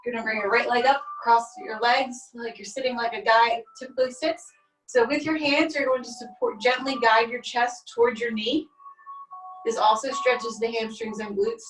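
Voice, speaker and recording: Fitness instructor, woman, higher voice, calm step-by-step stretch cues, laptop mic set back in an echoey room with faint music. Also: normal speed, distant mic. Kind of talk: guided stretching class.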